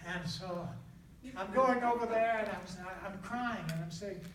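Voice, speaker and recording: An older man from the southern United States, a traveling evangelist, telling his testimony in a folksy, animated way with laughter. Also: high voice, a little slow, over music. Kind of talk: storytelling testimony in conversation. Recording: echoey room, distant mic, faint noise.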